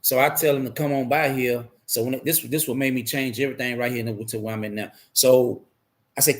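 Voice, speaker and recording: A man's voice: mid-range voice, fast. A man candidly telling his life story in a rambling, profane way, repeating himself as he goes.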